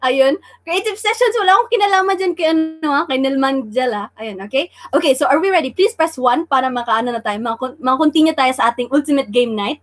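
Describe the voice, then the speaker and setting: A woman's voice: sits high, animated, brisk, hardly any pauses. A woman from Davao City with a Filipino accent, teaching vocabulary on a casual live stream, repeating each word and teasing the chat playfully. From Davao City, Philippines. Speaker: livestream language teacher. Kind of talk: casual live-stream lesson mixing English and Tagalog.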